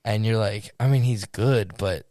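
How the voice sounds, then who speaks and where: A man's voice: on the low side, a little slow, warm tone, no room sound. Blunt young man swearing freely on dry mic. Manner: blunt, crude jokes, heavy swearing. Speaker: podcast co-host. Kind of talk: casual chat.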